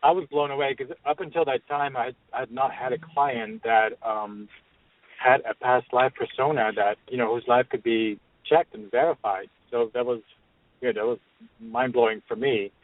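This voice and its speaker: A man, a hypnotherapist guest, speaking earnestly and haltingly, with repeated "I mean". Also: medium pitch, fairly even intonation, dry recording. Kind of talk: conversational interview. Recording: dry tinny phone line.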